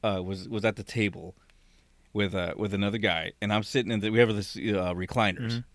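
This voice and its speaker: A man's voice: fairly low pitch, fairly even intonation, fairly quick, no echo. A man in casual chat, telling a profane story from work with lots of quoted dialogue.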